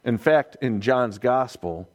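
Male preacher, sermon delivery, emphatic, slow and measured. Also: mid-range voice, lo-fi sound. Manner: emphatic, repeats key lines for weight.

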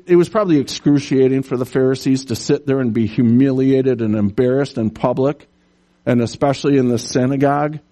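A man preaching a sermon, animated, telling stories and putting on voices for the characters in them. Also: medium pitch. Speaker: pastor.

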